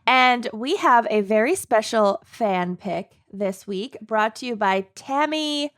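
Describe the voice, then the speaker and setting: A woman's voice: on the high side, expressive, takes it slowly, a bit bright. A woman co-hosting a podcast in casual, joking chat with friends and reading the show intro. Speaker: podcast co-host.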